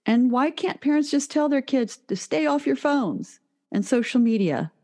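A woman hosts an interview and asks questions in quick succession. She sounds curious. Her voice is mellow and warm. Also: sits high, expressive.

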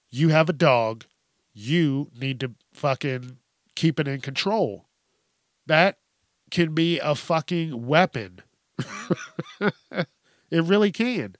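A man hosting a news-reaction show, telling stories in blunt, profane, animated casual commentary. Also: mid-range voice, dry recording, clean studio sound. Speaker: host.

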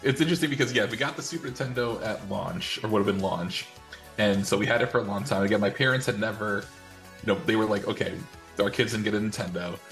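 A man's voice: on the low side, quick pace, fairly bright tone, soft background music. A man in his thirties chatting casually as podcast co-host, rambling and restarting his sentences. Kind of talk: casual chat.

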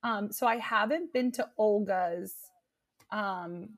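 A young woman chatting casually, telling an animated story and breaking into shrieked cheers as she acts it out. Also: mid-range voice, takes it slowly. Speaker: guest storyteller. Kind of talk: casual chat.

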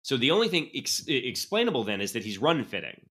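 A man's voice: medium pitch, fast talker, husky. A man co-hosting a college sports podcast, reeling off stats in blunt, casual chat. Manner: animated, stat-heavy, blunt. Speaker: podcast co-host.

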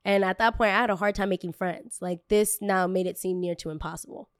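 A woman's voice: mid-range voice, steady tone, brisk, no room sound, studio quality. A young woman content creator candidly telling a personal story, emotional and full of casual fillers.

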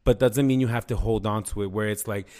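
A man's voice: fairly low pitch, fairly even intonation, fast, darkish tone. A man co-hosting a casual chat, talking candidly and emphatically, with frequent swearing.

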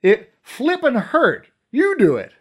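Brief: man playing a loud, high, indignant cop, panicky, lively delivery. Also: slow pace, exaggerated voice. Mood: whining.

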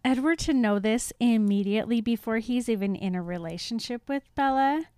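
A young woman co-hosting a casual book discussion, enthusiastic and giggly, musing out loud. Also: a little high, brisk, clean tone, dry recording. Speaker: podcast co-host.

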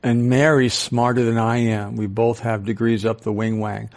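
Older male speaker, sixties, animated, audience questions, storytelling. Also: medium pitch, moderate pace. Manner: storytelling with acted-out quotes. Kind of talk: talk to a live audience.

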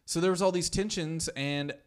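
A man's voice: fairly high pitch, moderate pace, smooth. A man in casual podcast chat, explaining history at length with many "uh"s and restarts. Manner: rambling explanations full of "uh" and restarts.

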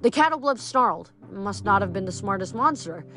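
A woman reads a novel aloud in a steady storytelling voice, leaning into the dramatic moments. Her pitch sits mid-range. Soft music runs faintly underneath. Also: brisk. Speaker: reader.

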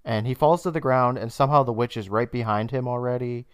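A young man co-hosting a podcast, casually retelling an episode's plot with laughs and quick bursts of high mock voices. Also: smooth, dry recording, studio quality. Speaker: podcast co-host. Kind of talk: casual recap chat.

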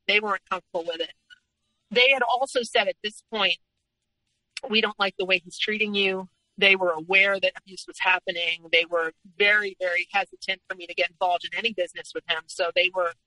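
A woman's voice: mid-range voice, a little fast, bright, forceful tone, dry recording, low-quality recording. A woman speaking as an interview guest, telling her personal story frankly and candidly in conversation.

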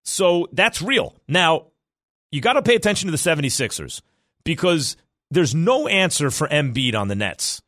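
A man hosting a sports talk radio show, arguing his opinions in a fast, animated, self-correcting way. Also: a little high, dry recording, clean studio sound.

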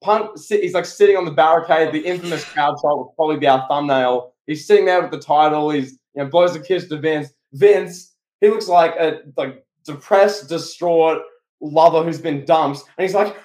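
A man co-hosting a podcast, telling a story in an animated, excitable way. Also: fairly high pitch, moderate pace. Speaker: podcast co-host. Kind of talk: casual podcast chat. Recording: echoey room.

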